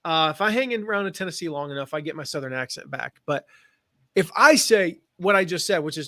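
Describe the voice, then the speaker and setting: A man's voice: on the high side, lively intonation, brisk, a bit bright, no room sound, clean studio sound. An American man who grew up in the Midwest and South, teaching affiliate marketing in a rambling, casual live-stream chat. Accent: General American. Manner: chatty, rambling, with fillers and restarts.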